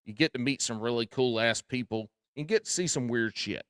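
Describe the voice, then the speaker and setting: A man's voice: mid-range voice, brisk, a bit bright, clean tone, no echo, clean studio sound. A man hosting a podcast, speaking with a Southern US drawl in casual chat, folksy and freely swearing as he tells stories. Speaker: podcast host.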